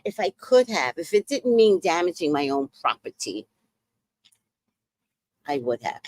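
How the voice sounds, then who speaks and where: Podcast host, woman, animated and chatty, unhurried delivery, lowish voice. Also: dry recording. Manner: animated, exclaims and acts out quotes. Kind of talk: casual reality-show recap.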